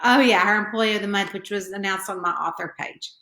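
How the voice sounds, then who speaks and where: A middle-aged author with a Southern hillbilly twang talks a little fast, her medium-pitched voice pushed and bright. She's nervously chatting with viewers on a home live stream, greeting them by name, and the room echoes.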